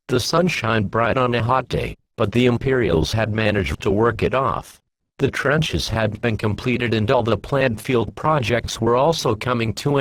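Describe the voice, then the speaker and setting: A man narrating his own science-fiction fan story aloud in a plain, steady reading voice. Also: mid-range voice, low-quality recording.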